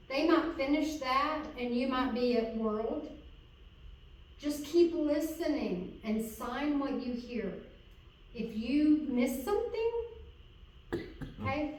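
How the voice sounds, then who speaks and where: A woman's voice: high-pitched, takes it slowly. A woman coaching a student in sign language interpreting, encouraging and checking in often. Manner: encouraging, checks in with repeated "okay?". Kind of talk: hands-on coaching lesson. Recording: echoey room, far from mic.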